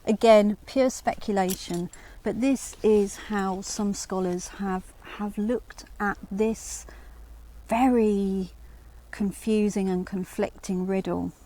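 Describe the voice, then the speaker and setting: A woman's voice: mid-range voice, steady tone, takes it slowly, mellow. A woman hosting a lecture on early medieval riddles, explaining at length with restarts and rhetorical asides, and reading verse aloud. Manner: reads quoted verse aloud. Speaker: channel host.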